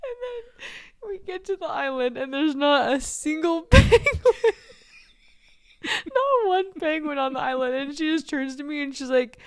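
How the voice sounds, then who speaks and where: High-voiced young woman telling stories. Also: normal speed. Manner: animated storyteller, laughs often, swears freely. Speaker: podcast co-host. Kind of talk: casual chat.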